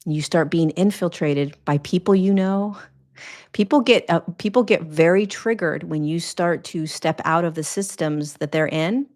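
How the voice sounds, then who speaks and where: A woman hosting her own podcast, speaking as a spiritual teacher in an earnest, emphatic monologue that repeats phrases for weight. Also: on the low side. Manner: earnest, repetitive, emphatic, preaching cadence.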